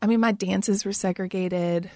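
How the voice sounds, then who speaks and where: Gravelly southern woman from louisiana, chatty storyteller, close dry mic. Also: medium pitch, normal speed, no room sound. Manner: animated storyteller, laughs often, acts out quotes. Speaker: podcast guest. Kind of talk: casual conversation.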